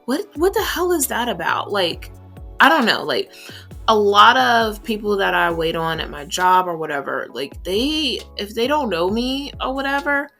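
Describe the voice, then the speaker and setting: A woman's voice: mid-range voice, bright, forceful tone. A young woman chatting casually while doing her makeup, rambling with plenty of fillers. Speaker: beauty vlogger.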